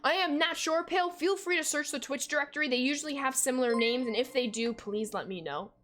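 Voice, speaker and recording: A woman in her twenties with a high, fairly quick, slightly bright voice streams a baseball game with play-by-play commentary. She answers her live chat in an upbeat, casual way, greeting viewers with a relaxed "yo."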